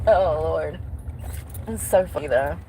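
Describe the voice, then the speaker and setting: A young woman vlogger with a low-pitched, dark voice takes it slowly as she chats while driving, joking, rambling and laughing often. She records inside a car on a phone, and the poor audio carries road and car noise.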